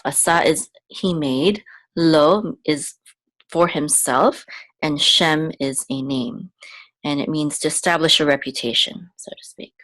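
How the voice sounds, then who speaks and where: A woman teaching a language lesson. She sounds words out slowly and repeats them, checking in with "okay?" as she goes. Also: sits low, fairly bright tone. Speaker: Hebrew teacher and podcast host. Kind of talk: slow, patient language lesson.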